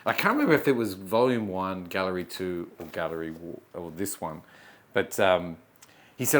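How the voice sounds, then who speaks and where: A man, a comedian guest, chatting casually and telling animated stories, acting out quotes. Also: sits low, moderate pace. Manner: animated storyteller, acts out quotes. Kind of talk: casual chat.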